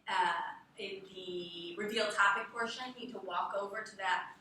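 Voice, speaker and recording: Woman teacher, bright tone, quizzes the class, echoey room from far off. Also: mid-range voice, measured pace, slight background noise. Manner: lively, asks the class questions. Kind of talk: classroom lecture.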